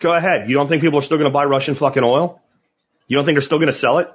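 A man hosting a podcast, delivering a blunt, profane and sarcastic political monologue full of rapid rhetorical questions. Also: fairly high pitch, lo-fi sound. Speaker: podcast host.

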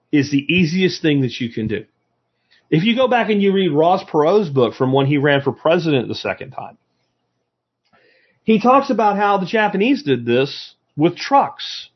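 A husky, slightly breathy American man talks to a live audience in a loose, opinionated way, leaning on emphasis and rhetorical questions. The recording sounds dull and lo-fi. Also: a little high. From United States. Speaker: speaker addressing a live audience. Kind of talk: casual opinionated lecture.

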